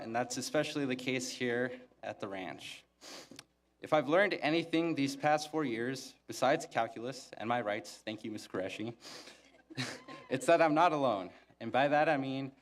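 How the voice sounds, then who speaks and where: Young guy valedictorian at the podium, flat monotone voice, dry jokes, mid pitch. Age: young adult. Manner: deadpan, self-mocking humor. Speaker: valedictorian giving a graduation speech. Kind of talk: graduation speech. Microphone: podium microphone.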